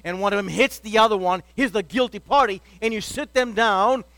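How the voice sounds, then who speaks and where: A man's voice: sits high, brisk, a bit bright, smooth, no room sound. A man giving a sermon as a pastor, talking in an easy conversational way and acting out everyday quotes.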